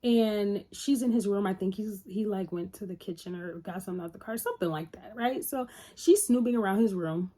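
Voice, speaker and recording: A woman's voice: medium pitch, a little fast, few pauses, mellow. A woman casually recapping a TV episode in a loose, chatty retelling. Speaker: TV reviewer.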